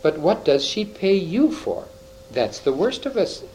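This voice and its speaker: A man's voice: high-pitched, very animated, unhurried, a little mellow, a little hiss or hum, pitched above the performer's own voice, rough recording. Brief: a tearful, guilt-ridden storybook faun, put on by a male reader, raised voice that swings widely as he pleads between sobs. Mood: sobbing, guilty. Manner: sobbing, groaning pleas.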